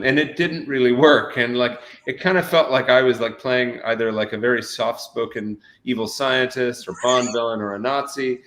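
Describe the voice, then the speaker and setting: An actor chatting as an interview guest, rambling with many fillers and restarts. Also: male voice, mid-range voice, normal speed, few pauses, fairly bright tone, roomy sound. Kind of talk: casual interview chat.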